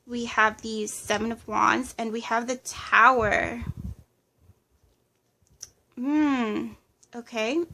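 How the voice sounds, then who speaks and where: A woman with a fairly high voice talks through a tarot reading. She lists impressions as they come, pausing and hedging with plenty of fillers. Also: steady tone, gravelly, sharp tone. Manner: hesitant, channeling impressions, many fillers. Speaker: tarot reader. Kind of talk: casual pick-a-card reading.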